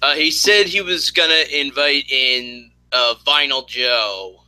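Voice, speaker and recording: A man's voice: mid-range voice, slow pace, pushed and bright, clear, resonant tone, no room sound, poor audio. A man hosting a casual online chat show, rambling with many fillers and restarts, mildly hungover. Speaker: host.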